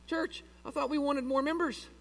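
A man's voice: extremely high pitch, steady tone, moderate pace, a bit bright, distant mic. A man preaching a sermon in a church, folksy and joking with his congregation. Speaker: pastor. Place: church sanctuary.

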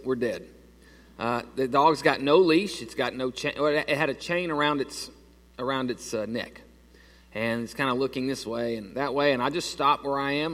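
A man's voice: mid-range voice, fairly bright tone, long reverb tail. A man preaching a sermon to his church, telling a story casually with lots of restarts and fillers. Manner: conversational storytelling with many restarts. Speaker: pastor. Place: church sanctuary.

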